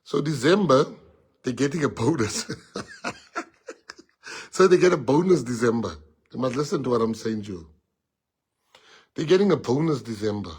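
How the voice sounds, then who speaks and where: A man's voice: mid-range voice, animated, normal speed, long pauses, darkish tone, slightly rough. A man with a South African accent, a party leader telling a colloquial, laughing story to members.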